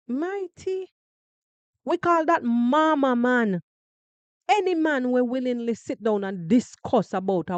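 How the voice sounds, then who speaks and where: A woman from Jamaica with a Jamaican accent, giving animated, emphatic commentary on a live podcast and repeating phrases for effect. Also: sits high, dry recording, lo-fi sound. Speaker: podcast host.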